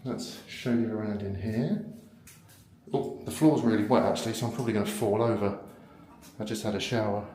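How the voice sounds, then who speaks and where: A man's voice: fairly low pitch, brisk, dark tone, echoey room, faint music behind. A British man giving a casual, rambling, self-mocking vlog tour of a hotel room, filmed on a handheld camera. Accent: British English. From United Kingdom. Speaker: vlogger.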